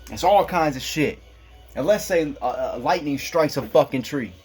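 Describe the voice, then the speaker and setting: A man's voice: fairly high pitch, lively intonation, moderate pace, darkish tone, husky, faint music behind. A man from Kansas delivering a rambling, profane casual monologue, chuckling at his own jokes. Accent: Black American English. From Kansas, USA. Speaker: vlogger.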